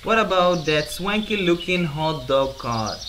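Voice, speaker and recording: A man's voice: a little high, animated, a little slow, background noise. A man doing casual let's-play commentary, goofy and laughing as he talks back to the game. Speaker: gaming YouTuber. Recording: voice over loud game music.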